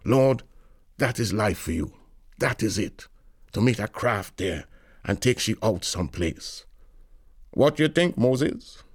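A man's voice: fairly low pitch, animated, measured pace, slightly rough, no echo, studio quality. A man reading literary fiction aloud in a wry, lilting storytelling manner. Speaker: narrator.

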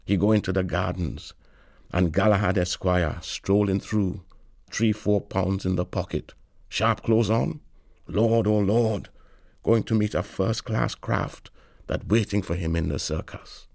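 A man's voice: sits low, fairly even intonation, measured pace, gravelly, darkish tone, no room sound, studio quality. A man reading literary fiction aloud in a wry, lilting storytelling manner. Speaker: narrator.

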